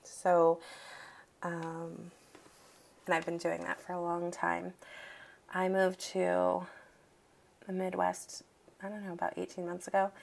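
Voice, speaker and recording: Young adult woman, Boston accent, low and very gravelly voice, casual and wry vlog chat. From Boston, Massachusetts. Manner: chatty, wry, with frequent ums and light laughs. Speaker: accent challenge vlogger.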